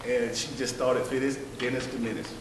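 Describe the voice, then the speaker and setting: A man's voice: medium pitch, flat delivery, brisk, heavy background noise. A man performing a profane stand-up set in a comedy workshop, with brash, blunt storytelling. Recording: echoey room, distant mic.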